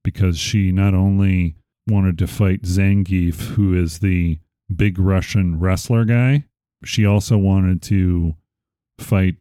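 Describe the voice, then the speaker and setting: A man's voice: sits low, fairly even intonation, takes it slowly, mellow, no echo, clean studio sound. A man hosting a podcast, chatting casually with a rambling, playful, self-correcting way of talking. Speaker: podcast host. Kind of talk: casual chat.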